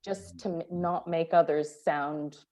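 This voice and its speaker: Mellow low woman on a video call. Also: steady tone, measured pace. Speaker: seminar participant. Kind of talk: online seminar discussion.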